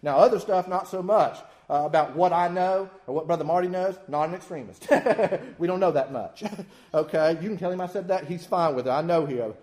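A man preaching a sermon in a folksy, animated way with self-deprecating humor. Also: fairly high pitch, brisk.

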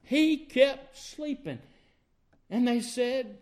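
A man's voice: high voice, very animated, a little slow. A man preaching a sermon, emphatic, asking the congregation rhetorical questions.

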